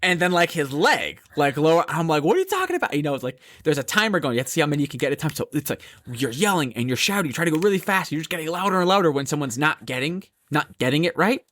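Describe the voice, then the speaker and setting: A man co-hosting a podcast in casual chat, telling a story in an animated, profane way. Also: on the high side, quick pace, hardly any pauses, no echo. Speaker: podcast co-host.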